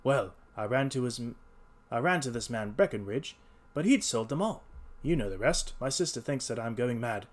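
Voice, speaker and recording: A man's voice: medium pitch, lively intonation, moderate pace, natural voice. A man voicing a frightened young hotel thief who begs and pleads in a trembling voice. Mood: confessing. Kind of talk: read-aloud character voice.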